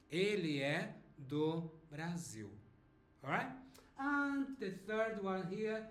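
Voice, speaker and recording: A man with a Brazilian Portuguese accent, a native Portuguese speaker, teaching a slow beginner language lesson and checking in often with his students. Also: high-pitched, a bit bright. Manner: drawls example phrases, checks in with "eh?" and "alright?". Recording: echoey room.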